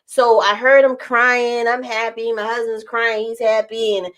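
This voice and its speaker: A woman vlogger telling a story in a chatty, animated way, talking straight to her viewers. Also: on the high side, measured pace.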